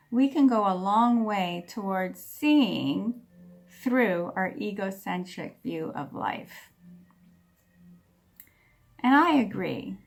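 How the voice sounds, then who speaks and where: This woman leads a congregation in a laughter meditation as part of a sermon, captured in an online service recording. Her mid-range voice is unhurried and earnest, breaking out into loud laughter and whoops.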